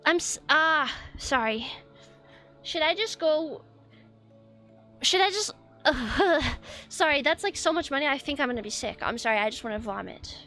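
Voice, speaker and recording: A woman's voice: high voice, animated, unhurried, long pauses, pushed and bright, faint music behind. A young woman streamer chatting casually, flustered and rambling, swearing often. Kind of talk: casual live-stream chat.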